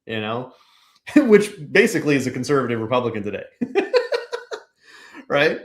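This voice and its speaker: A man's voice: mid-range voice, very animated, normal speed. A man from Pennsylvania, a podcast guest, talking casually and rambling with lots of "like" and "you know". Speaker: podcast guest, business owner. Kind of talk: casual conversational interview.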